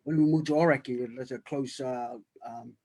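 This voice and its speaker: A man's voice: mid-range voice, fairly even intonation, warm tone. A man telling a rambling story on a video call, full of fillers and restarts. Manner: halting, many restarts and fillers. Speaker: writer-director on a cast panel.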